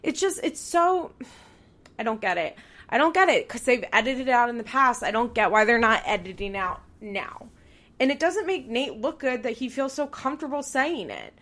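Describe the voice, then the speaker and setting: A woman's voice: on the high side, big pitch swings, normal speed, fairly bright tone. Profane, heated young woman podcaster. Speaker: podcast host. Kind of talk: podcast recap commentary.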